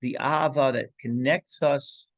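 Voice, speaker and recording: A man's voice: medium pitch, steady tone, unhurried, dry recording. A man teaching an informal Torah class, telling a story with many restarts and asides, and mixing Hebrew and Yiddish terms into English.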